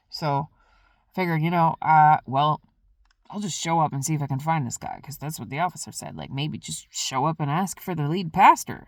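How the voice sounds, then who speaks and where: In a casual vlog, a woman rambles through a story with lots of animation, acting out the lines she said back then. Her voice is low-pitched and creaky, and the recording has no echo.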